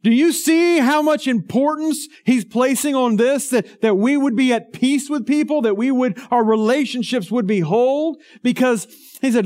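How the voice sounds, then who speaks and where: A man's voice: very high voice, expressive, normal speed, a little mellow. A man preaching a sermon as pastor, earnest and emphatic, often putting rhetorical questions to his listeners.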